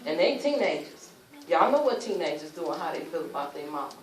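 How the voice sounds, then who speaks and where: A woman's voice: low-pitched, fairly quick. Woman telling her testimony in a roomy hall. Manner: animated storytelling, acting out quoted speech; informal vernacular speech. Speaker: speaker sharing a personal testimony. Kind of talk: emotional personal testimony. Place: luncheon event room. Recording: roomy, distant mic, faint ambience.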